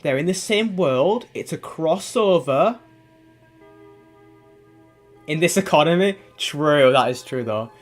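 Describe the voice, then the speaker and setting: A man's voice: a little high, lively intonation, takes it slowly, long pauses, soft background music. Rambling man streaming a game. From England. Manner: rambling, swears casually, trails off and restarts. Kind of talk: casual gaming stream chat.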